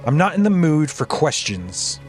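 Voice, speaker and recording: A man's voice: on the high side, big pitch swings, unhurried, faint music behind. A man voicing an irritable, scornful married woman in a game, with a curt, hostile manner.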